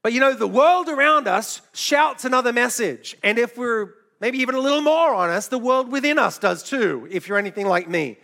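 A middle-aged man preaching with a high, bright voice and a gravelly edge. He tells stories in a loose, chatty way, breaking off for quick asides and little laughs. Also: expressive. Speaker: pastor. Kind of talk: sermon.

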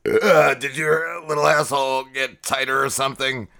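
Crude, boastful man, played by a man for a comedy skit; loud, gravelly. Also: mid-range voice, fairly even intonation, moderate pace, very noisy, lightly acted.

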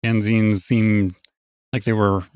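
A man's voice: fairly low pitch, little pitch movement, takes it slowly, darkish tone, dry recording, clean studio sound. A man speaking as a podcast guest in casual chat, hesitant, often restarting his sentences. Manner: hesitant, many fillers and restarts.

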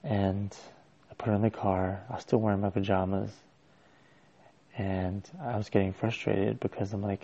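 A man's voice: on the low side, flat delivery, moderate pace, dark tone, highs cut off. A man telling a personal story as a father, in a casual, hesitant and rambling way with many restarts.

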